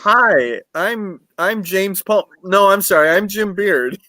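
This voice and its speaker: A man's voice: high voice, expressive, slow pace, sharp tone, no room sound. A man with a northern US accent, a writer chatting as a guest on a video-call panel, joking and laughing often between stumbling starts. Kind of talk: casual video panel chat.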